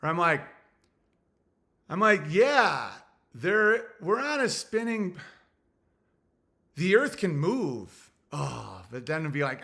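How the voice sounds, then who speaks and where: Young guy ranting on his stream, kinda high, crisp bright voice, crude and all over the place. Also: big pitch swings, slow, pauses often. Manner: rambling, crude, thinking out loud. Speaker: livestream host reading super chats. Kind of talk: casual livestream rant.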